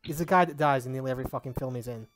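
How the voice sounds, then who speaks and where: A man with a broad Sheffield Yorkshire accent chats loosely during a game stream at a middle pitch. He swears freely and jokes at his own expense. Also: rapid-fire, faint music behind. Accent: Sheffield, Yorkshire English. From England. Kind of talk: casual gaming stream chat.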